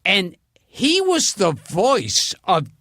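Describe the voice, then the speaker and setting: A male comedian rambles casually through anecdotes as a podcast host. His voice is bright and rather high, with a lively, swooping pitch. He speaks slowly, and the sound is dry and close. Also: no echo. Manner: rambling, anecdotal, with frequent laughs. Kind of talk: casual chat.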